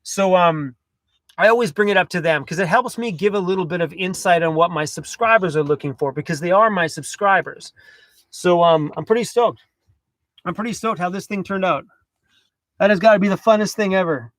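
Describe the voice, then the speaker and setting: A Canadian man hosts a casual livestream from inside his camper van, chatting loosely with lots of fillers and quick apologies. His voice sits fairly high and a bit bright, and the recording is dry.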